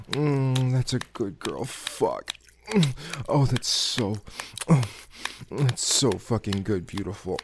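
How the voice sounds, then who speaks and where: Slow, gravelly, low-voiced man murmuring. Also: very noisy. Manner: low murmuring with frequent hums and sighs. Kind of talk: intimate audio role-play.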